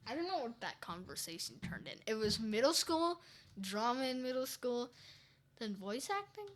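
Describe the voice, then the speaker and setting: A woman's voice: a little high, sing-song, normal speed. A woman guest on a casual podcast, chatting in a rambling, chatty way with many restarts. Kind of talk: casual chat.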